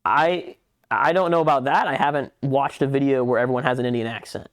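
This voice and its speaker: A man's voice: mid-range voice, a little fast, dry recording. Dry-sounding man ranting on a podcast. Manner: animated ranting, swears freely. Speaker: podcast co-host. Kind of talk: casual podcast chat.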